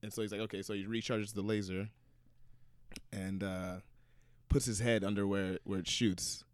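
A man's voice: fairly low pitch, level tone, normal speed, dry recording. A man co-hosting a podcast, telling stories in a loose, rambling casual chat with lots of fillers. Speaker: podcast co-host.

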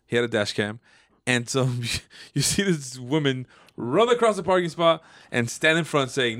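A man's voice: medium pitch, expressive, moderate pace, fairly bright tone. Man telling a story in casual chat. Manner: storytelling, hesitant starts.

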